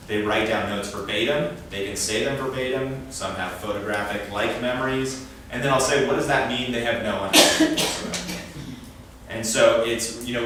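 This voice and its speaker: A man talks to parents at a training session in a pushed, bright, mid-range voice, staying conversational and often acting out quotes. It's an echoey meeting room, with him far from the mic and a little noise.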